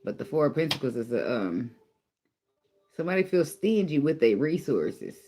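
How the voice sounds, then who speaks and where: A man's voice: fairly high pitch, sing-song, moderate pace, dark tone, a little hiss or hum. A man giving a casual spoken tarot reading, blunt and profane, teasing and laughing often as he goes. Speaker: tarot reader.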